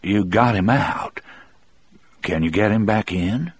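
A man's voice: on the low side, slow pace, husky, dry recording. A man reading as a dazed, grateful husband. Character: stunned middle-aged husband, shaken and grateful.

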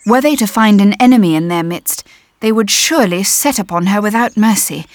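A woman narrating a story in the first person, measured and tense. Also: medium pitch, expressive, no echo. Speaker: audiobook narrator.

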